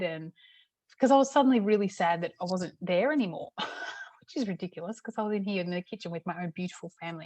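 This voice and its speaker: A middle-aged woman, a parenting coach, teaching in a casual, chatty way with many "okay"s and a slightly hoarse throat. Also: fairly low pitch, dry recording. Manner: chatty, repeats "okay" often. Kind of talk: casual talk-to-camera teaching.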